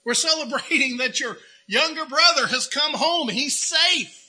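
A man's voice: very high-pitched, expressive, measured pace, sharp tone, voice pushed up, heavily acted. A man preaching, voicing an overjoyed father who welcomes his son home with urgent exclamations. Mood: joyful.

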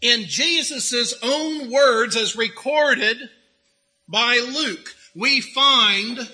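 A man's voice: very high-pitched, extremely slow, pushed and bright, slightly rough, poor audio. A man preaching a sermon in a conversational way, asking rhetorical questions and adding humorous asides. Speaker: pastor.

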